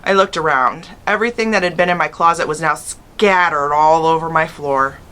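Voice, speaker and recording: A woman teacher reading a children's chapter book aloud with expressive first-person narration. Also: low-pitched, moderate pace. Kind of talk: storybook read-aloud.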